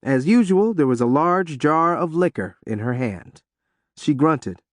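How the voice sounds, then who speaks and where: A male narrator reads an audiobook with expressive storytelling. His voice sits a bit high and moves in lively swings of pitch. The sound is dry and close. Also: measured pace, dry recording.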